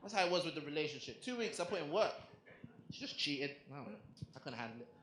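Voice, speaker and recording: A young man works a comedy club crowd, chatty and animated as he fires off punchlines. His voice sits a little high. The room rings with echo, and there is a clear layer of noise around him. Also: fast talker. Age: young adult. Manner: conversational, animated punchlines, asks the crowd questions. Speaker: stand-up comedian. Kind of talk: stand-up comedy set.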